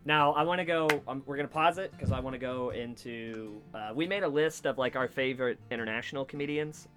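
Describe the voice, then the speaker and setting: A man's voice: medium pitch, a little fast, a bit bright, soft background music. A young man hosting a podcast in a basement studio, chatting loosely with fillers and casual swearing. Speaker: podcast host. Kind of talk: casual chat.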